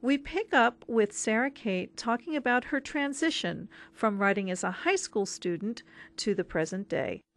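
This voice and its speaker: A woman hosting a radio arts program, reading a scripted introduction and asking interview questions in a clear, measured way. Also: on the high side, fairly bright tone.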